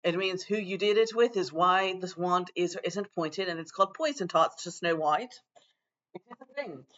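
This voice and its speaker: A man's voice: high voice, moderate pace, a bit bright, dull audio. A man improvising a loose, rambling lecture as a self-styled teacher of a magic class.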